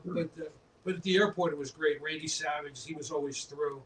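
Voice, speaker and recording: A man from New York tells laid-back anecdotes on a podcast, and he laughs easily as he goes. His voice sits a little high for a man. He sounds set back from the mic, with a faint hiss behind him. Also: brisk. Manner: relaxed anecdotal storyteller, laughs often. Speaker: guest, apparel company owner. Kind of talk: casual podcast storytelling. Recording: distant mic with faint background noise.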